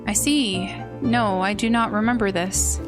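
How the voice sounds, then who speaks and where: A woman's voice: medium pitch, a little slow, lightly acted. A woman voicing a formal, stiff businessman who talks in a robotic way over game music. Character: formal stiff businessman Jerry, adult male.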